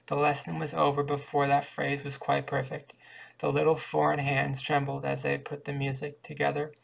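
A man reading a short story aloud at an even, measured pace. His voice is gravelly and stays very flat in pitch. He sometimes restarts a word. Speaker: audiobook reader.

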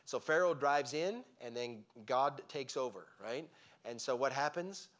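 A man teaching a Bible lesson in a church, telling the story with lively emphasis and frequent restarts. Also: medium pitch, measured pace. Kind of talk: sermon-style Bible teaching. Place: church sanctuary.

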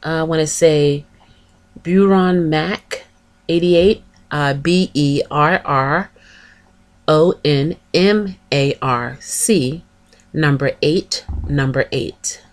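A woman's voice: sits low, very slow. A woman vlogger chatting casually, gushing over other channels and spelling out their names. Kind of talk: casual chat, shouting out channels.

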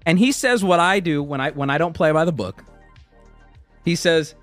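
With faint music playing behind him, a thirtysomething man relays a profanity-laden story in a relaxed way, voicing other people's lines with lots of energy. His voice is a little high and his speed is normal.

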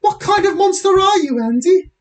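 A man voicing a shocked, indignant young woman in an audiobook, his voice pushed high and shrill. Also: expressive, moderate pace. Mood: outraged. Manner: shrill, incredulous.

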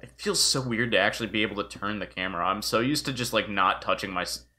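A man's voice: lowish voice, fast talker, bright, forceful tone. A man streaming a video game live and chatting casually, joking and swearing freely as he plays. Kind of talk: casual live gameplay commentary.

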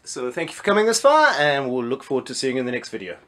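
A man teaching a children's phonics lesson, sounding out letters slowly and clearly, and asking and answering his own questions. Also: mid-range voice, sing-song, a bit bright.

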